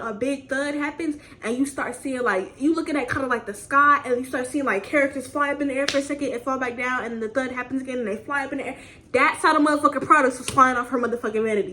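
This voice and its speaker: A young woman telling a story casually at home, animated and profane, repeating phrases for emphasis. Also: high voice. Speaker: vlogger. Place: home, indoors.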